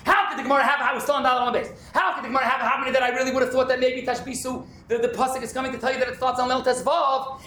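A man with a very high voice teaches a Talmud class at a fast clip, animated and often shouting. He sounds roomy and echoey. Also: slight background noise. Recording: echoey room.

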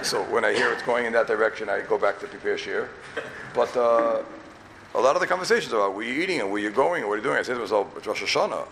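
A rabbi from Borough Park, giving an emphatic yeshiva talk full of repeated questions and wry asides. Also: male voice, fairly low pitch, fast, vocal fry, fairly bright tone, slight background noise. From Borough Park, New York.

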